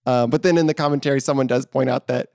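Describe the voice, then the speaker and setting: A man's voice: medium pitch, steady tone, quick pace, a little mellow, no echo, studio quality. A man chatting on a podcast about a movie, rambling and laughing often. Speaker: podcast host. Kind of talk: casual podcast chat about a film.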